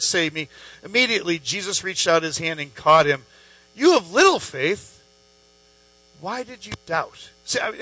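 Bright-voiced chatty male preacher. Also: high-pitched, dry recording, rough recording. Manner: chatty, joking asides, animated quoted voices. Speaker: pastor. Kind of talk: casual conversational sermon.

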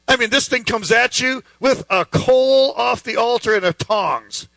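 A man's voice: very high-pitched, slow pace, creaky, bright, forceful tone, dry recording, low-quality recording. A man preaching a sermon in an emphatic, conversational way, full of rhetorical questions.

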